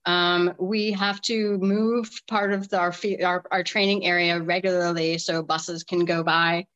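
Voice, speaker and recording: A woman's voice: fairly low pitch, flat delivery, a little slow, fairly bright tone, dull audio. A woman in her forties, a deaf soccer player from the United States, chatting in an interview and telling stories animatedly with frequent restarts and laughter. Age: 40s. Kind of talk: casual interview chat.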